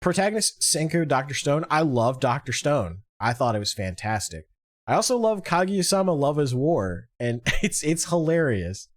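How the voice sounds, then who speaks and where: A man's voice: fairly high pitch, very animated, normal speed, no room sound. A man hosting a casual podcast, talking animatedly and swearing freely as he reads through a list of awards. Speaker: podcast host. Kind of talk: casual chat.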